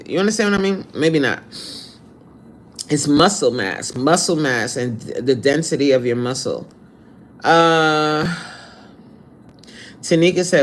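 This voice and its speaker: A man's voice: a little high, expressive, measured pace, long pauses, a little hiss or hum. Blunt, sassy man fitness coach. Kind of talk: live stream chat, reading comments.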